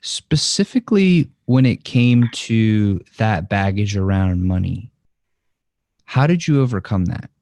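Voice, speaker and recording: A male podcast host asks long, encouraging questions, restarting his phrases as he goes. His voice sits on the low side and is recorded close and dry. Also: lively intonation, measured pace, darkish tone, dry recording. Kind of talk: interview questions.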